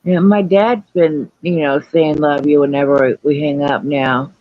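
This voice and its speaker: A woman's voice: low-pitched, fairly even intonation, unhurried, no room sound, highs cut off. A woman chatting casually on a live stream, candid and rambling, and often putting herself down. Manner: candid, rambling, self-deprecating. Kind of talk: casual chat.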